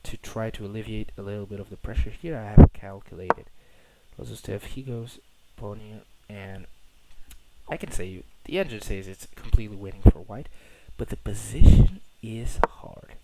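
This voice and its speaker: Young guy rambling over his chess game, lowish voice, swears a bit, cheap noisy mic. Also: normal speed, creaky. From Portugal. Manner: rambling, self-correcting, slangy and profane. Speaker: chess player reviewing his own game. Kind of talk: casual game commentary. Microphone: poor-quality microphone. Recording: cheap mic with loud noise.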